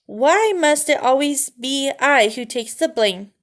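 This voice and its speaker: A vain mother mouse with French airs who waves off every worry, played by a woman reading a storybook. Her voice sits up high and sharp with exasperation, and she scoffs at the drama around her. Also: expressive, slow. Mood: indignant. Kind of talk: storybook read-aloud.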